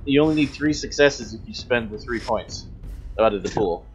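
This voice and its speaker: A man game master with a lively, swooping delivery, rattling through dice rules and gently teasing his players. His voice comes through a slightly dull, lo-fi line. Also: mid-range voice, moderate pace, faint music behind. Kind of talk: running a tabletop game.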